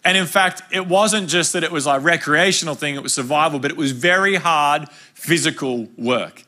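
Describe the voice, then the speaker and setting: Young Aussie male pastor, bright and punchy, chatty storytelling sermon. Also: fairly high pitch, moderate pace. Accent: Australian. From Australia. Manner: conversational, humorous storytelling preaching.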